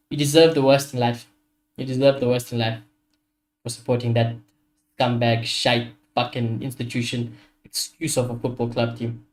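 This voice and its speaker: A young man, ranting animatedly and swearing as he hosts a casual football watchalong stream. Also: medium pitch. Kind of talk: casual live-stream chat.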